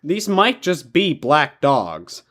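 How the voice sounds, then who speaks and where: A man's voice: wildly swooping pitch, a bit bright. A young man co-hosting a podcast, chatting casually in a playful way. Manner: unhurried, playful, swings in pitch. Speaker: podcast co-host. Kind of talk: casual chat.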